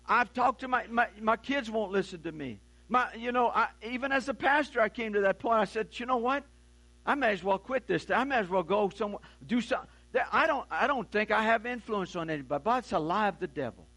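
Older male pastor, high voice, sermon, impassioned, repeats himself, restarts phrases. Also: animated, a little fast, bright, forceful tone. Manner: impassioned, repetitive preaching with frequent restarts.

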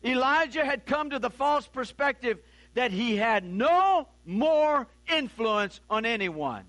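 Older male pastor, high voice, sermon, impassioned, repeats himself, restarts phrases. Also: lively intonation, slow pace, fairly bright tone. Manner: impassioned, repetitive preaching with frequent restarts.

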